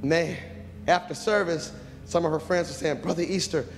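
A man preaching a sermon who swings from hushed pleading to loud cries, prays aloud and tells stories from his ministry. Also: on the high side, moderate pace, long reverb tail, soft background music.

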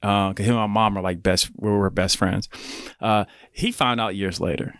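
A man in his thirties, a podcast guest, telling his story in a relaxed, casual way full of filler words. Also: fairly low pitch, moderate pace, clear, resonant tone, no echo, clean studio sound. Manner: relaxed, leans on fillers like "like" and "you know".

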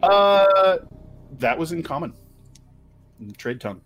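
A man runs a tabletop game, narrating slowly with a lively, rising and falling voice. He takes his time and leans on fillers, with faint music playing under him. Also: on the high side, dull audio. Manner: unhurried, expressive, many fillers. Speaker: game master.

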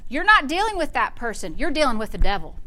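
A woman pastor preaches with fervent conviction, her voice high and bright. She drives her points home to the congregation and answers herself with praise. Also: big pitch swings, fast. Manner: fervent preaching with call-and-response interjections. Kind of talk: sermon.

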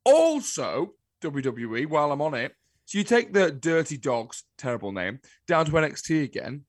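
A man co-hosting a casual wrestling podcast, ranting with exasperation and jumping into high, incredulous outbursts. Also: big pitch swings, normal speed, no echo, studio quality. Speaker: podcast co-host.

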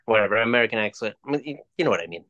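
A man co-hosting a podcast, chatting casually, swearing freely and ranting in quick bursts. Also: lowish voice, expressive, pushed and bright, dull audio. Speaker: podcast co-host. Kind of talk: casual chat.

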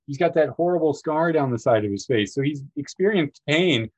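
A man hosting a podcast, talking casually about a film in a rambling, animated way, often acting out lines in a raised voice. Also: a little high, fairly quick, low-quality recording. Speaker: podcast host.

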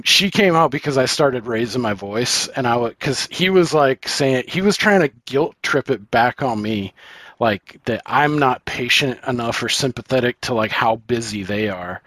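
A man in a casual podcast chat, telling a story with lots of swearing and acted-out quotes. His voice sits at an ordinary middle pitch. The sound is dry and close, with no room echo. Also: moderate pace. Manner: profane, animated retelling with quoted exchanges. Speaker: podcast co-host.

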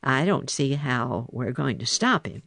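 A man voicing a curious, mischievous little male mink in a storybook reading, eager and excitable. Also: mid-range voice, measured pace, gravelly, no room sound, studio quality, heavily acted.

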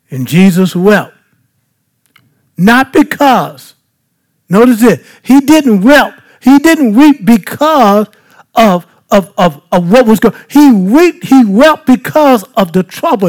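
A man's voice: extremely high pitch, a little mellow. A male pastor teaching a Bible passage as a sermon, often asking the congregation questions for them to answer and repeating phrases for emphasis. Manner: asks the congregation rhetorical questions to fill in.

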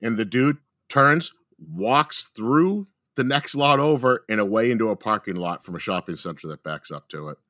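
A young adult man telling a story in casual, animated chat, swearing heavily and acting out what people said. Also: fairly low pitch, moderate pace, hardly any pauses. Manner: animated, heavy swearing, acts out quotes. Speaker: podcast co-host telling a story.

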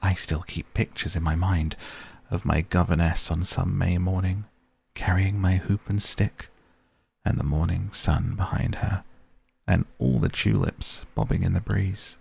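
A man voicing a faint, sad ghost child from long ago, speaking in a hushed, wistful, old-fashioned way. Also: sits low, steady tone, unhurried, gravelly, breathy edge, exaggerated voice.

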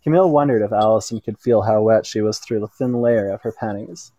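A man reading an erotic story aloud in an unhurried way, now and then stumbling and correcting himself. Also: fairly low pitch, mellow, no room sound. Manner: unhurried reading with small slips and self-corrections. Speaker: narrator.

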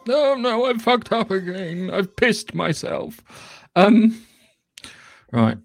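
A man's voice: high voice, sing-song, slow, vocal fry. A man co-hosting a podcast in a casual, sweary, rambling chat. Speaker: podcast co-host.

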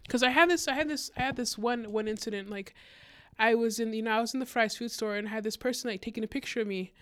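A woman guest on a podcast, telling a personal story in a casual, animated way and acting out what people said. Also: fairly high pitch, fast, dry recording. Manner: animated, acts out quotes with many fillers. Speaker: guest speaker.

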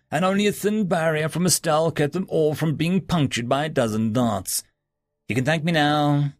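Guy reading a fantasy audiobook, gravelly and husky, dry close mic. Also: mid-range voice, dry recording. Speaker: narrator. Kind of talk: audiobook narration.

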